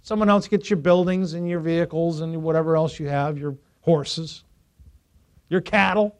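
A male pastor preaching a sermon to a congregation, lively and joking with them, rising to loud emphasis. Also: a little high, moderate pace. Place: church before a congregation.

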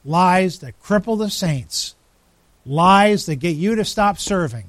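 A man preaching a sermon, emphatic, with dramatic pauses, rising lines and sudden drops to a hush. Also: sits high, animated, no room sound. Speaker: pastor.

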